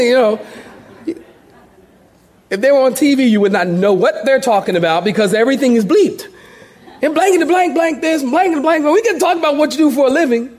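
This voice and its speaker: A middle-aged man delivers a sermon in a notably high voice. He preaches conversationally and acts out the people in his stories with playful impressions. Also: animated, fairly quick, a little mellow. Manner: storytelling with playful impressions and laughter. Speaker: pastor.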